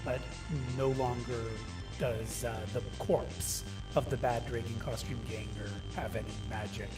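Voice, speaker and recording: A man narrating as game master in a casual, halting way with many fillers. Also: medium pitch, level tone, over music.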